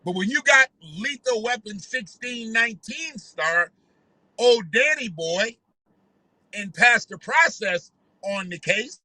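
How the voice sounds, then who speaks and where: A man's voice: sits high, expressive, takes it slowly, sharp tone, no room sound, rough recording. A man giving heated, profane commentary in a ranting, conversational way.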